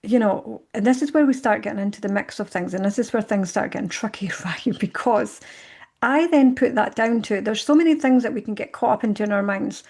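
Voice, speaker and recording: Animated woman telling her own story. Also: medium pitch, brisk. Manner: animated, acts out her own past thoughts. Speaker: podcast guest. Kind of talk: reflective storytelling.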